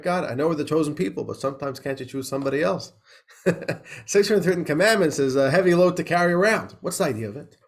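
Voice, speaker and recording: A rabbi teaches an informal class in a chatty, questioning way. His voice sits a little high for a man, and he laughs often and breaks off to restart his sentences. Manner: conversational, laughing, lots of "right?" and restarts. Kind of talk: informal class lecture with a joke.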